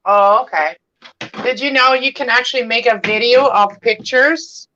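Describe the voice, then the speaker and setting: A woman's voice: on the high side, normal speed, bright, forceful tone, lo-fi sound, slight background noise. A woman joining a livestream as a guest, chatting in a friendly, casual way. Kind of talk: casual chat.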